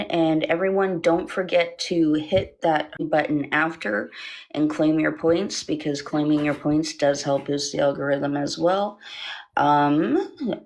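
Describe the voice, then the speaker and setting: A man co-hosting a live stream, relaxed and joking as he reads promotional plugs. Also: a little high, vocal fry. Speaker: co-host. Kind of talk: casual livestream chat.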